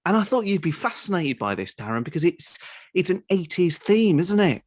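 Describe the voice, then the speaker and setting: Casting: lively, laughing male host with a bouncy, animated delivery and some pitch up. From United Kingdom. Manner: giggly, quick and excitable. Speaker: podcast host. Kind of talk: casual comedy chat.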